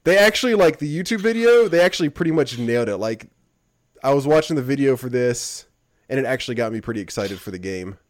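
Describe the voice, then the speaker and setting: A man's voice: mid-range voice, expressive, fast, dry recording, studio quality. A man hosting a casual gaming podcast, talking loosely with many fillers and teasing his co-hosts. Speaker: podcast host.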